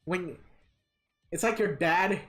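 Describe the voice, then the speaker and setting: Speaking slowly in a lowish voice, this woman livestreams herself playing a fighting game. She offers casual commentary, rants bluntly, curses freely and cracks herself up along the way.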